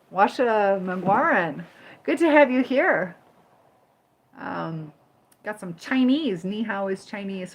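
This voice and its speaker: A woman from Michigan and Indiana hosts a casual livestream at an unhurried pace. She greets viewers one by one and reads their comments aloud. She turns firm when she moderates the chat. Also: on the high side, bright, forceful tone. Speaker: livestream host.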